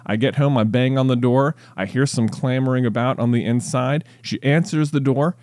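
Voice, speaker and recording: A man's voice: mid-range voice, normal speed, no room sound, clean studio sound. A man co-hosting a podcast, telling a long joke casually and acting out its characters. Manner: animated storyteller, acts out characters. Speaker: podcast co-host.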